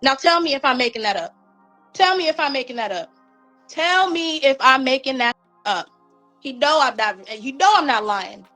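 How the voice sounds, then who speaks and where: A woman's voice: sits high, expressive, moderate pace, bright, forceful tone, faint music behind, poor audio. A woman from Northern Virginia giving casual gossip commentary, blunt and mocking, repeating phrases for emphasis. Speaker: commentary streamer.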